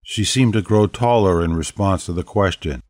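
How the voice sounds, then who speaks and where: A man narrating an audiobook in a measured, steady storytelling manner. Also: low-pitched, no echo, studio quality. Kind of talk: scripted narration.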